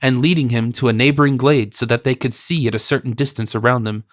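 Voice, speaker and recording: A man reads a classic novel in a steady, formal storytelling style. His voice sits in a middling register, and the recording is dry and close, with no room sound. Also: medium pitch, fast, no echo. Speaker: audiobook narrator. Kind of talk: scripted narration.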